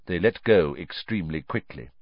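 A man narrating a story from a script, expressive in his storytelling, on a dull lo-fi recording. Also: low voice, normal speed, no room sound. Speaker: audiobook narrator.

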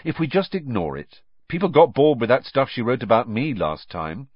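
A man's voice: mid-range voice, sing-song, moderate pace, breathy edge, dry recording, muffled recording, pitched above the performer's own voice. A man voicing an easygoing teenage boy in an audiobook. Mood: reassuring.

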